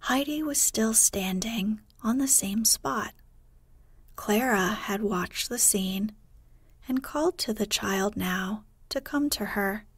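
Soft, slow woman reading a bedtime story. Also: medium pitch, breathy edge, dry recording. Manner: soft, hushed, gentle. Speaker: sleep story narrator.

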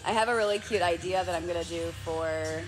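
A woman's voice: fairly low pitch, fairly quick, music in the background. A woman hosting a casual livestream from home, chatting with viewers, answering their comments and laughing often. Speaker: livestream host. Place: home with a loud TV nearby.

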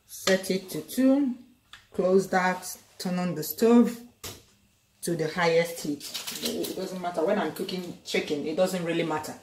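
Middle-aged Nigerian woman, cooking vlog host, animated storyteller, slightly low voice, echoey home kitchen. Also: a little slow, a little hiss or hum. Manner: chatty, laughs often, animated storytelling. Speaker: cooking vlogger. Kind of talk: casual cooking demonstration and storytelling.

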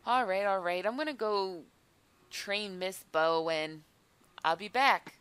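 A young woman hosting a gaming video in casual chat, excitable, swearing and saying "like" a lot. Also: mid-range voice, smooth, no echo. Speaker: gaming channel host.

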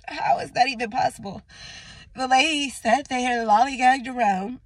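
A woman's voice: sits high, measured pace, no echo. A woman in her twenties talking casually to camera in a vlog, venting her frustration and sometimes tearful. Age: 20s. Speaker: vlogger.

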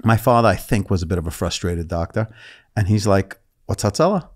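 Man in his fifties, New York accent, low voice, relaxed storytelling with jokes. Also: brisk. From England. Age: 50s. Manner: storytelling, joking, laughs easily. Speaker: guest. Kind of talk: casual interview.

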